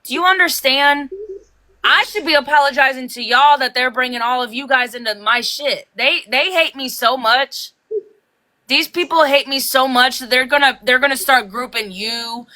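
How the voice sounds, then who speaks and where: A woman hosting a livestream, ranting heatedly and fast, swearing and rising to shouts. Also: high voice. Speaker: livestream host.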